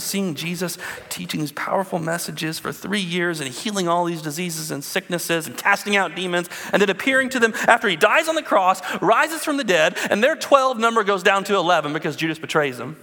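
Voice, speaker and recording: A man in his thirties, a pastor preaching a sermon with animated storytelling and calls to the congregation. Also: high voice, long reverb tail.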